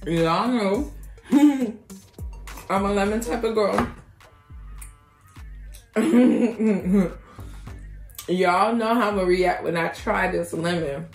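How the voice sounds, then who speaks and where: An excitable, chatty woman doing a casual mukbang-style cookie review for her viewers. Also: medium pitch, moderate pace, few pauses. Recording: roomy echo with faint music.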